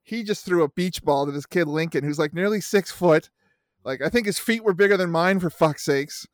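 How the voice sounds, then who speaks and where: A man's voice: a little high, normal speed, no echo, clean studio sound. A middle-aged man in casual podcast chat, telling rambling, profane youth-sports stories. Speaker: podcast co-host and youth baseball coach.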